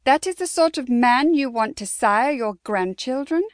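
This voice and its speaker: A woman's voice: sits high, expressive, normal speed, no room sound, studio quality, voice pushed up. A woman voicing a defiant, fiery young noblewoman in an audiobook, speaking indignantly. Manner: indignant, emphatic. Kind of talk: audiobook character voice.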